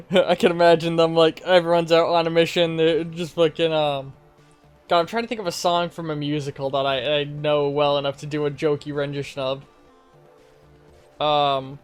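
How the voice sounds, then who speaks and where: Casual male streamer, slightly high voice, chatty and loose. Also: little pitch movement, moderate pace, clear, resonant tone, faint music behind. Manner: rambling, informal, swears. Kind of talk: casual live-stream game commentary.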